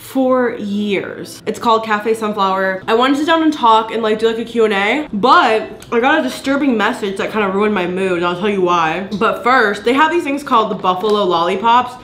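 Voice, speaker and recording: A woman's voice: medium pitch, moderate pace, hardly any pauses, fairly bright tone, echoey room. A young woman from the Atlanta area chatting casually in a home vlog while eating, playful, laughing often and swearing freely. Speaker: vlogger.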